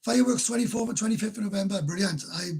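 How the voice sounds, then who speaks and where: A Welsh man chats casually through viewer comments on his live stream. His voice sits a little high and sounds husky, and he rambles bluntly, often laughing at himself. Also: rapid-fire, darkish tone, poor audio. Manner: blunt, rambling, self-mocking.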